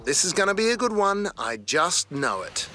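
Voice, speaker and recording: A man's voice: high-pitched, very animated, normal speed, music in the background. An actor playing an eager male car-hunting sidekick with an Australian accent, an awed and chatty car enthusiast in video game dialogue. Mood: excited.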